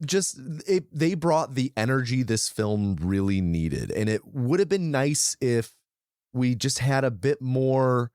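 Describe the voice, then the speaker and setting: A man's voice: mid-range voice, a little mellow, no room sound, clean studio sound. A man co-hosting a film podcast, chatting loosely with lots of restarts and hedges. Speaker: podcast co-host. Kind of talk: casual film discussion.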